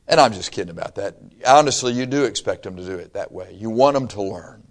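A man from Michigan delivering a church sermon. He preaches in a folksy, animated way, mixing joking asides with earnest teaching. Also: lowish voice, fast. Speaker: pastor.

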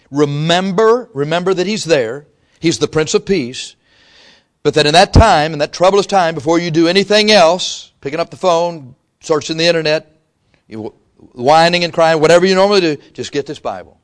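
A male pastor preaching a sermon in a conversational way, with frequent restarts and quotes he acts out. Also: medium pitch.

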